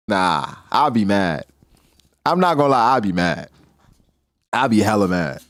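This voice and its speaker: A man's voice: on the low side, very animated, unhurried, pauses often, a bit bright, no room sound, studio quality. A man hosting a casual manga reaction, talking animatedly in heavy street slang and laughing often.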